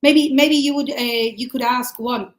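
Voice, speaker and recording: A woman's voice: sits high, fairly even intonation, unhurried, low-quality recording. A woman teaching English grammar to a class, chatty and checking in with her students often.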